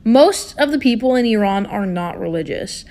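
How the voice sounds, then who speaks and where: A young woman vlogger speaks in a mellow, expressive, medium-pitched voice at a moderate pace, sharing a personal story to camera. Her language is slangy and loose with frequent swearing, and she imitates what others said; the recording has a roomy echo.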